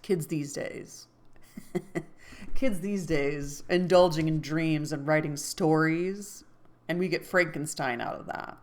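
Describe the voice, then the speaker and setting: A woman's voice: low voice, takes it slowly, darkish tone. A woman reading a classic novel aloud in a casual way. She stops to look things up and makes joking asides. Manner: laughs to herself, jokey asides. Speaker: book-club host.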